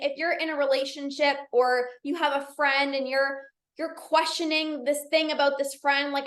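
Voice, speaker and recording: A woman's voice: high-pitched, a bit bright, roomy sound. A woman coach and podcast host giving an upbeat, chatty pep talk to her live audience. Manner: upbeat, chatty, encouraging, many "like"s and repeats.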